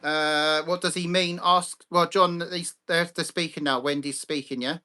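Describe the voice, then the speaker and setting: Blunt, sweary man with a bright voice. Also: a little high, fairly even intonation, normal speed. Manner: blunt, sweary, ranting, greets chat viewers by name. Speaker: livestream host. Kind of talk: live chat stream.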